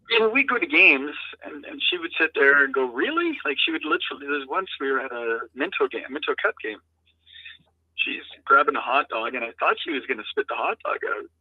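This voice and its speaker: Middle-aged man, guest founder, earnest and halting, tinny dry call-in line. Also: medium pitch, no echo. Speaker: guest, founder of an adaptive lacrosse program. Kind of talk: interview storytelling. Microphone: remote call-in.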